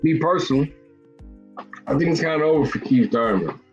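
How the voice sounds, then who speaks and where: A man's voice: on the high side, animated, brisk, dull audio, faint music behind. A man hosting a casual live boxing talk show, thinking aloud and often repeating himself.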